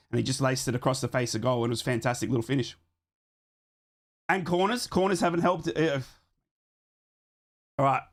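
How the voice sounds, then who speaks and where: A young man with a hoarse voice from a chest infection, hosting a live football watchalong, chatting to his viewers between calls on the match. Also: fairly high pitch. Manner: chatty, talks to his live chat while fixing things on the fly. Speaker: watchalong host.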